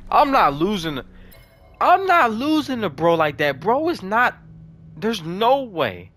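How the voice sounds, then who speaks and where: Excitable young man narrating gameplay. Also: high voice, slow pace, slight background noise. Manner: excitable, swings between frustration and amazement. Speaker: gaming commentator. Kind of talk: live gameplay commentary.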